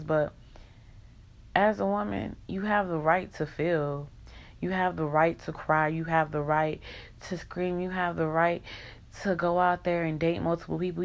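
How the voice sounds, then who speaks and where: A young woman in an emotional vlog rant, venting in raw, profane country slang. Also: sits low.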